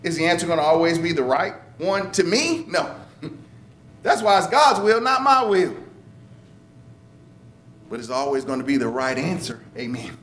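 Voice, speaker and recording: Man, sermon, conversational preaching, chuckles, slightly high pitch. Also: very animated, normal speed, long pauses, a bit bright.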